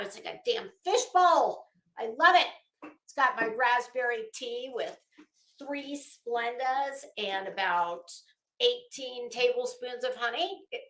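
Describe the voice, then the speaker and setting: Middle-aged woman on a livestream, unhurried, bright voice, blunt and swears a bit, roomy echo. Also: high voice. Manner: chatty, blunt, swears casually, greets chatters by name. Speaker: livestream host. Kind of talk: casual livestream chat greeting viewers.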